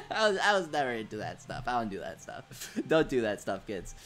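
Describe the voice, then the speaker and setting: A young man hosting a casual gaming livestream. He tells childhood stories in an animated way, says "dude" a lot and laughs at his own jokes. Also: mid-range voice, a little fast, faint music behind. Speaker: livestream host.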